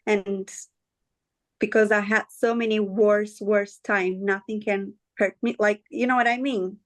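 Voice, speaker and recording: A woman's voice: mid-range voice, fairly even intonation, no echo. Earnest woman speaking with a dry sound. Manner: earnest, halting, often searching for words. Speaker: guest sharing her story. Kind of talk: candid conversational interview.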